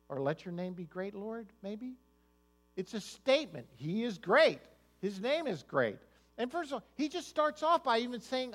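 A man preaches a sermon in a high voice. He speaks conversationally to the congregation and often doubles the first words of a sentence. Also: fairly bright tone. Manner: conversational, repeats words when starting sentences. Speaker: pastor.

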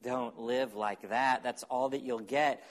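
A man preaching a sermon as pastor, animated, acting out quotes and dropping to quiet asides. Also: mid-range voice, slow.

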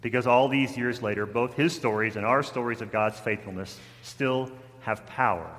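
A man preaching a sermon, telling a story with rising intensity, then softening toward a quiet close. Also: mid-range voice, moderate pace, long reverb tail. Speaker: pastor.

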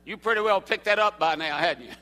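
A man's voice: high-pitched, lively intonation, fairly quick, pushed and bright, in a large hall. An older man with a Southern American accent, preaching a folksy sermon to a church congregation and asking them questions. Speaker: evangelist. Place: church sanctuary.

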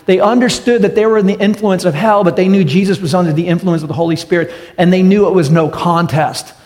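A pastor preaches in a church sanctuary in full sermon mode, direct and emphatic, repeatedly posing rhetorical questions to the congregation. His somewhat high, darkish voice keeps a steady tone at a quick pace, and a long hall reverb carries it.

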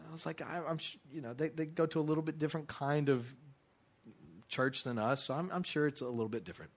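A middle-aged pastor is telling a story from the pulpit, his voice bright and forward. He talks in an animated way, restarts often, and briefly acts out the other people in the story. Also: on the high side. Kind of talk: sermon storytelling.

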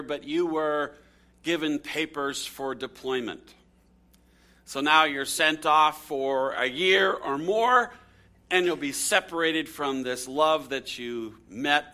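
Bright-voiced man preaching a sermon. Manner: storytelling with dramatic swings in pitch and volume. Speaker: pastor.

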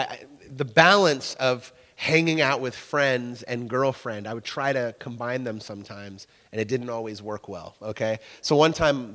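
A man's voice: mid-range voice, fairly bright tone. A young man preaching a sermon as pastor, telling stories in a casual, self-deprecating way and asking the congregation questions. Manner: conversational storytelling, self-deprecating. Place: church hall. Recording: long reverb of a church hall.

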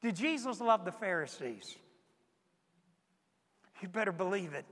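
A man's voice: sits high, animated, measured pace, fairly bright tone. A man preaching a sermon to a congregation, pressing his point with repeated rhetorical questions. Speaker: pastor. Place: church sanctuary. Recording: long reverb of a large hall.

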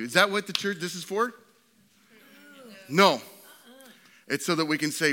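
Male pastor preaching in a church, bright voice, gets loud then goes real quiet. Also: fairly high pitch, measured pace, pauses often. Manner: animated preaching, swings from loud to hushed. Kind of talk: sermon.

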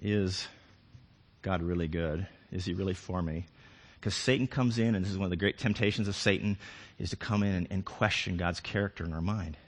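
An older man preaching a sermon with passion, moving from hushed reflection to loud pleading. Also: lowish voice, lively intonation, moderate pace. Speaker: pastor.

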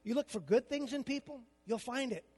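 A man's voice: extremely high pitch, expressive, fairly quick, darkish tone, breathy edge, in a large hall. An older man preaching a sermon as a pastor, with a conversational style full of rhetorical questions.

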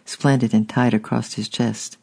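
Guy narrating an audiobook, gravelly voice, kinda monotone. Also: medium pitch. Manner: steady and unhurried with small restarts.

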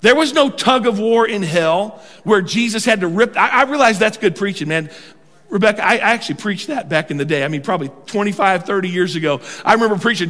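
Older man, pastor; high-pitched, animated preacher who stretches his words, heard in a reverberant sanctuary. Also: brisk. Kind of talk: sermon. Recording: long hall reverb.

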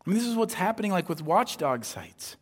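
Higher-voiced preacher in a reverberant hall. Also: male voice, sing-song, a little fast, slightly rough. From upper Midwest of the US. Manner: conversational, rhetorical asides, acts out quoted voices. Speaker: pastor. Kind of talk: sermon.

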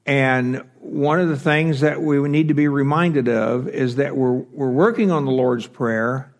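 A man teaching a Bible class, explaining step by step with fillers and self-corrections. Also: medium pitch.

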